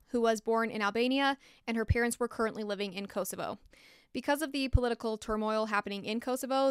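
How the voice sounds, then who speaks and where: A woman's voice: fairly high pitch, a bit bright, smooth, no echo, studio quality. A woman hosting a true crime podcast, telling the story in a blunt, passionate way and swearing when angry. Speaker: podcast host.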